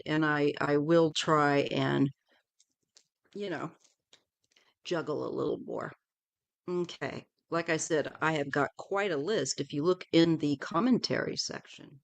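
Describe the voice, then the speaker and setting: A middle-aged woman hosting a tarot livestream, chatting casually in a rambling way and often trailing off softly. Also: low-pitched, creaky.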